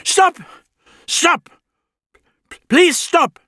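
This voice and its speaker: A man voicing a nervous older male goldsmith, pleading in a high, breathless voice. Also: big pitch swings, slow pace, bright, forceful tone, no echo, heavily acted.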